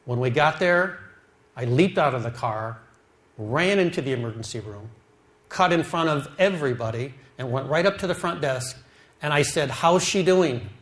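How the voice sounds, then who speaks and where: Middle-aged man, earnest testimony speaker, slow and heartfelt, average pitch. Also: animated. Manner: slow, heartfelt storytelling, drops quiet at sad moments. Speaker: speaker telling his life story. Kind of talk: emotional testimony.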